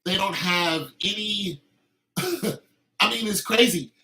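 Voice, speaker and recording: A man's voice: sits high, slow, bright, forceful tone, rough recording. A man hosting a podcast, delivering an opinionated casual monologue, heated and emphatic with frequent restarts. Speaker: podcast host.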